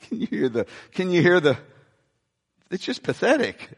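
High, lively preaching man in reverb. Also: moderate pace, breathy edge. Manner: animated, repeats phrases, asks the congregation questions. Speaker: pastor. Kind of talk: sermon. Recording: reverberant church hall.

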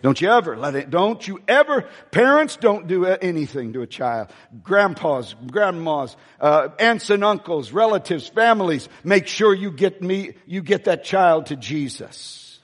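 A male pastor preaching a sermon in a large church, with emphatic peaks and quieter asides. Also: high voice, very animated, unhurried, hardly any pauses. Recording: long church hall reverb.

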